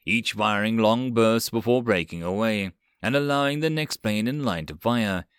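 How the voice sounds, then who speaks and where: A man's voice: fairly low pitch, normal speed, fairly bright tone, smooth, dry recording, studio quality. Man narrating a web novel audiobook.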